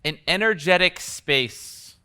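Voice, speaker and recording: A man's voice: fairly high pitch, lively intonation, slow, bright, forceful tone, clear, resonant tone. A man teaching coaches at a live workshop in a conversational way, acting out bits of example dialogue. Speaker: coaching trainer.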